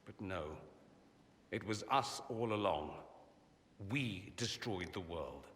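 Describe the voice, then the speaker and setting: A man's voice: on the low side, lively intonation, takes it slowly, a bit bright, in a large hall. An actor voicing a witty, vain male mage in a video game, sardonic and theatrical, by turns playful and grave. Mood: bitter.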